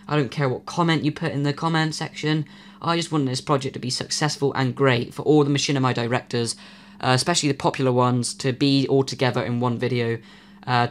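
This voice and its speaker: Here a man hosting his channel chats loosely through a vlog announcement, full of fillers, while his voice fades. His pitch is medium and his tone fairly bright, with a little hiss or hum in the recording.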